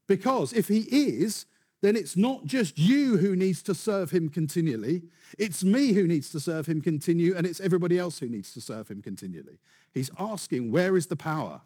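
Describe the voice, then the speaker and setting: A male preacher delivering a sermon in a somewhat high, husky voice. His pitch swings widely as he presses his points with rhetorical questions and mounting emphasis. The delivery stays animated throughout. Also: moderate pace.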